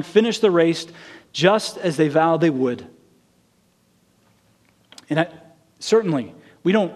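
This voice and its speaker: A man delivering a sermon in an earnest storytelling manner. His voice sits a little high for a man. He acts out the quoted lines as he tells the story. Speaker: preacher.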